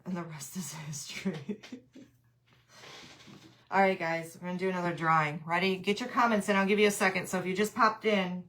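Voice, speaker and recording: A woman's voice: fairly low pitch, fairly even intonation, fast talker, few pauses, fairly bright tone, a little hiss or hum. A woman hosting a casual craft livestream, chatting with viewers, laughing often and reading out their comments.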